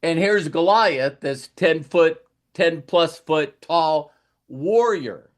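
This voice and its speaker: A man's voice: fairly high pitch, animated, takes it slowly. A man coaching with a motivational talk, retelling stories in a rambling way and acting out the lines of the people in them. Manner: rambling storyteller who acts out quoted lines.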